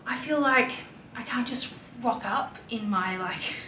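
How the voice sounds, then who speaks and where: A slightly high, sharp-toned voice at a measured pace belongs to an Australian woman in her thirties who vlogs about fashion and motherhood. She talks in a chatty, heartfelt confessional style with lots of fillers, recorded on a distant mic with roomy echo, faint ambience and a little hiss or hum.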